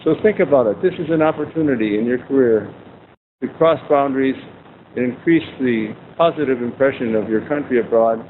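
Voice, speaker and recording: A man in his sixties giving a humorous, conversational university lecture with anecdotes. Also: brisk. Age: 60s. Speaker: guest lecturer. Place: warm university lecture room. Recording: tinny phone-like sound, faint rumble.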